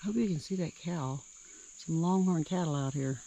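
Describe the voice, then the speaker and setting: A hiker talks to a handheld camera in the woods, in a relaxed, rambling way, musing aloud about what comes up along the trail. The voice sits at a middling pitch. Faint insect noise hums behind it. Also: normal speed, vocal fry. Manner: rambling, chatty, thinking aloud. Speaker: hiker vlogger. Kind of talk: casual trail vlog narration. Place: outdoors in the woods by a creek.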